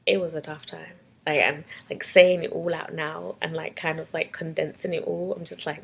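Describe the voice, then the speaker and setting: A woman's voice: deep voice, fairly even intonation, measured pace. A young woman with a London accent, telling personal memories in a casual vlog, tearful and laughing by turns. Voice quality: husky and gravelly. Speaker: vlogger. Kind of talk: emotional personal storytelling.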